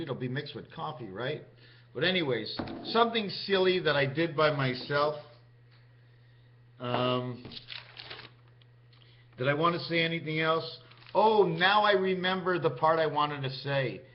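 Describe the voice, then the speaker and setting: A man vlogging in a rambling, free-associating monologue, musing aloud as he goes. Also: on the high side. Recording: dull lo-fi recording.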